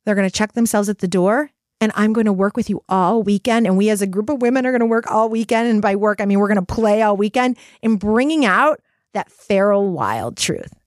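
A middle-aged woman podcast host speaking in a casual, animated motivational monologue, full of fillers and swearing. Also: mid-range voice, a little fast, no echo, clean studio sound. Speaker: podcast host and retreat coach. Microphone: studio microphone.

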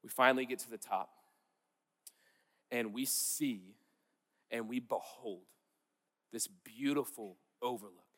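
A man's voice: mid-range voice, a little slow, pauses often, a bit bright, long reverb tail. A man preaching a sermon in an earnest, conversational way, repeating key words for emphasis. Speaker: pastor.

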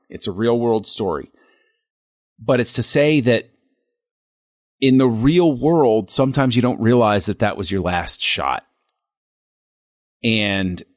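A man co-hosting a podcast, talking through a film scene in a reflective, halting way with frequent restarts. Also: fairly low pitch, dry recording, clean studio sound. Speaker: podcast co-host. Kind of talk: casual film discussion.

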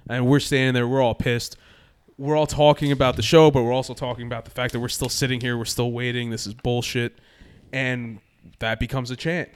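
A man from New Jersey telling a long story in casual chat, animated and full of swearing. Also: mid-range voice, a little fast, clean tone.

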